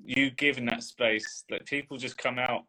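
Animated man telling a coaching story. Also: medium pitch, normal speed, low-quality recording. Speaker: coach and mentor. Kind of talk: casual conversation.

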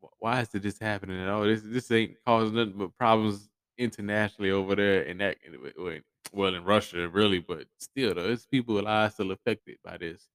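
A man speaks in a low, smooth, resonant voice. He hosts a casual solo podcast, blunt and profane, often stammering and restarting his sentences. The sound is dry and close to the mic. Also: a little fast, few pauses, a bit bright, dry recording. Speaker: podcast host.

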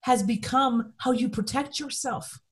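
A woman co-hosting a conversational discussion, speaking earnestly and emphatically while keeping her voice steady. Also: on the high side, measured pace. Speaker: podcast co-host.

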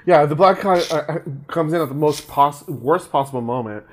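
A man's voice: a little high, a little fast. A man co-hosting a podcast, casually recapping a horror film, rambling with frequent fillers, restarts and laughs. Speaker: podcast co-host. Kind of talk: casual movie recap chat.

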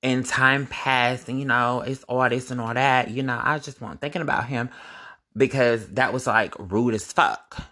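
A young man telling a casual, animated storytime to his viewers, profane and full of sudden high-pitched outbursts. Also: moderate pace. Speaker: vlogger.

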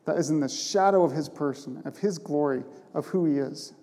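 A man's voice: a little high, a little fast, mellow. Emphatic male preacher in a reverberant church. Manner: emphatic, conversational, rhetorical questions. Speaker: pastor. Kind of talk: sermon. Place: church sanctuary.

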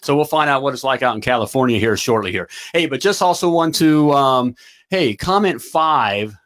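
An excitable man hosting a live plumbing business show, hyped up and stumbling over his words. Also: mid-range voice, moderate pace. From United States. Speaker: host of a plumbing business livestream.

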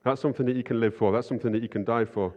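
In a church hall, a man preaches an informal sermon at a very fast pace, his medium-pitched voice fairly even in intonation. He's chatty and self-deprecating and often asks "right?", and the lo-fi recording carries the hall's reverberation.

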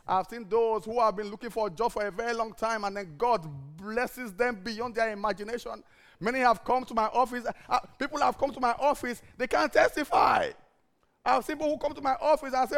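A male pastor delivers a sermon built on emphatic repeated refrains, lurching from shouted lines to hushed, low-spoken ones.

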